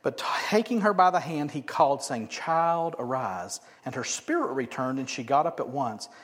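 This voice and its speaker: A man preaching a sermon, acting out quotes loudly and then dropping to quiet asides. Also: on the high side. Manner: animated, swings from loud acted-out quotes to quiet asides. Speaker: pastor.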